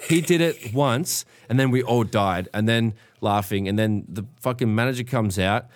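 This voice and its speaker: Speaking at normal speed and medium pitch with no echo, a young Australian man spins crude party tales in a relaxed chat. He leans on laid-back slang throughout and performs the voices of the people he quotes.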